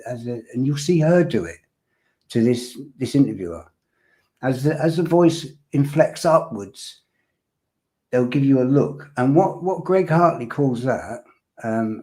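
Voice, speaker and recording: A man's voice: medium pitch, warm tone. A man hosting a podcast, analyzing a recorded statement, repeating phrases and quizzing his co-host emphatically.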